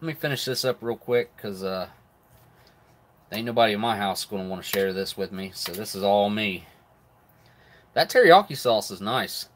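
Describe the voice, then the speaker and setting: A man's voice: lowish voice, expressive, normal speed, pauses often, a little hiss or hum. A middle-aged man hosts a live stream, chatting casually about rations while eating, often with his mouth full. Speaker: live stream host reviewing military rations.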